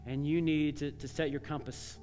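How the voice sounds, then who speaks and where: A male pastor preaching a sermon, telling stories in a conversational way and dropping to soft, earnest tones. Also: on the high side, little pitch movement, normal speed, long reverb tail, soft background music. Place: church sanctuary.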